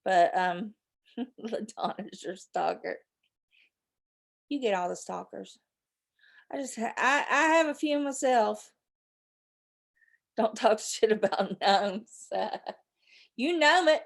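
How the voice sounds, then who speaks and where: A woman's voice: mid-range voice, slow, vocal fry, pauses often. A middle-aged woman, hosting a rambling live chat with her viewers and laughing often. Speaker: livestream host.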